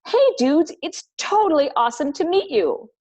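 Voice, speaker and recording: A woman's voice: sits high, big pitch swings, normal speed, a little mellow, pitched above the performer's own voice. A woman voicing a laid-back male tarantula hacker who talks like a surfer dude. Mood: chill. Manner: drawling, easygoing slang. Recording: dull lo-fi recording.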